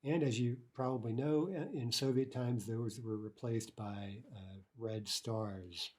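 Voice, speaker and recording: A man's voice: medium pitch, steady tone, slow pace. A man teaching a language lesson, explaining grammar step by step with a patient manner and frequent checks like "right?" and "okay".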